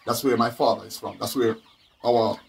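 A man's voice: medium pitch, steady tone, normal speed, vocal fry, noisy background. A Jamaican man hosting a live stream to sell chickens, talking casually in patois and repeating his phrases.

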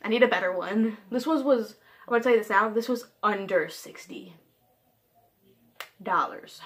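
With a medium-pitched voice and moderate pace, this teen vlogger rambles through casual chat. She giggles, pokes fun at herself and hops between subjects in a scattered way.

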